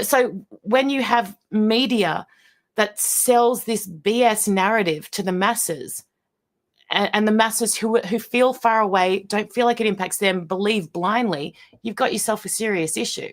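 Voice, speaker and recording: A woman's voice: mid-range voice, normal speed. An Australian woman speaking as an interview guest, blunt and emphatic in her impassioned answers. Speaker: guest, broadcaster.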